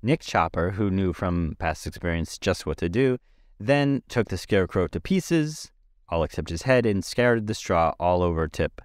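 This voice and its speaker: Low-voiced man reading a children's story. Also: expressive, moderate pace, no echo, clean studio sound. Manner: plain reading with frequent 'uh' fillers. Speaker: podcast reader. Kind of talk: amateur audiobook reading.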